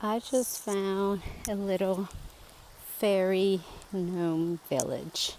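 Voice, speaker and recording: A woman's voice: medium pitch, slow pace, a little mellow, slight background noise. A woman vlogging on a mountain trail, chatting to the camera in a casual, easily delighted way and sometimes short of breath from the climb. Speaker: hiking vlogger.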